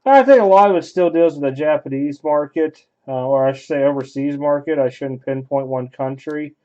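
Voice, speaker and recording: A man with a slightly higher, mellow voice talks casually as he opens packs. He thinks aloud in loose, offhand running commentary. The sound is dull and lo-fi. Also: moderate pace. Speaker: card break host. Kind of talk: casual card-opening commentary.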